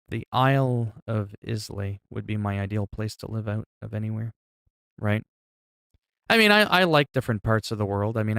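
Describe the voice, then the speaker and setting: A man's voice: lowish voice, a bit bright. A man chatting casually on a livestream, reacting to chat messages and exclaiming as he talks.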